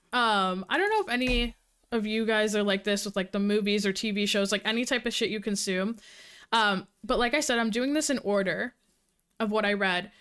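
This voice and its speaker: A woman livestreaming casual chat with her viewers, talking fast and cursing freely, a little out of breath. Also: a little high, a bit bright, clear, resonant tone. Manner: fast-talking, profane, giggly. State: slightly out of breath. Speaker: livestreamer reviewing books.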